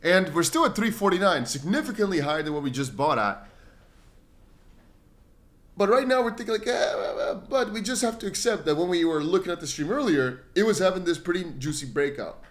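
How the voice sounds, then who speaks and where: A man's voice: sits high, sing-song, brisk, a bit bright. A man hosting a casual crypto livestream, rambling and slangy, reading viewer comments aloud and answering them. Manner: slangy, says bro and brother a lot.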